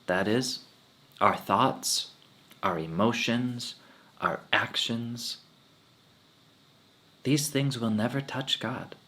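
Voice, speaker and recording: A man giving a spiritual talk as a swami, telling personal stories in a relaxed way with frequent laughter. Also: mid-range voice.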